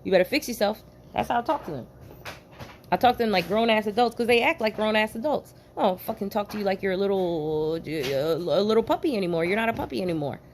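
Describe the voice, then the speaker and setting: A woman from New Jersey, a former police officer, telling a story to camera in an animated, profane, emphatic way, with bursts of laughter. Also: mid-range voice, fast, a little hiss or hum.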